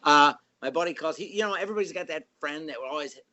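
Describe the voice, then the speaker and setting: A man's voice: fairly high pitch, fast talker. A man in his sixties from the Chicago area, a band member guest telling stories and acting out voices. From Chicago area, USA. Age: 60s. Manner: animated, acts out voices in stories. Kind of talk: casual storytelling.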